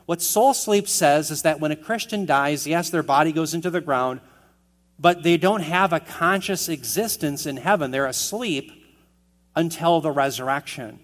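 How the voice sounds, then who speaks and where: A man's voice: a little high, moderate pace. A man preaching an expository sermon, earnest and emphatic, asking the listeners questions as he goes. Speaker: pastor.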